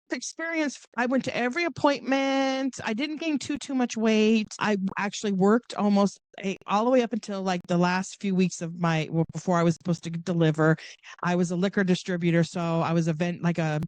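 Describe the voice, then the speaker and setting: Middle-aged woman telling a story on a podcast, voice jumps around a lot, dry close mic. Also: no echo. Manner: animated, acts out quoted voices with big pitch jumps. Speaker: podcast guest. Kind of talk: casual storytelling.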